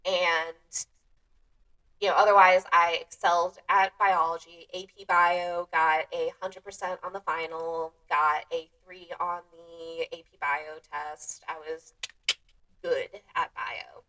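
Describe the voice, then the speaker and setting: A woman's voice: low-pitched, bright, forceful tone. A woman hosting her own podcast, chatting casually and self-deprecatingly, often laughing at herself. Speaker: podcast host. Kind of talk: casual solo chat. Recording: voice a bit distant from the mic.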